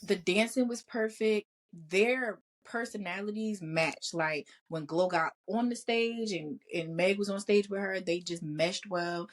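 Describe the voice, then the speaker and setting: A woman's voice: medium pitch, a little slow. A woman co-hosting a casual chat podcast, telling stories with frequent laughs and free swearing. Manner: laughs often, swears freely, animated storytelling. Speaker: podcast co-host.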